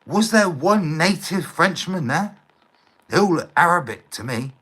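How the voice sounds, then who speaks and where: A middle-aged man rants to his live-stream viewers, swearing freely and checking that they agree. His pitch swings widely between low grumbles and sharp high outbursts, and he speaks slowly and deliberately. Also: lively intonation, husky, poor audio. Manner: heated, swears often, repeats himself, asks for agreement. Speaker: livestreamer. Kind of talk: ranting live stream monologue.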